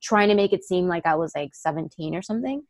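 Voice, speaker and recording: A young woman from Miami, an actress, telling personal stories in a candid interview, animated and full of fillers. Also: on the low side, quick pace, no room sound. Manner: animated storytelling, many fillers, acts out quoted voices. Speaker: actress guest.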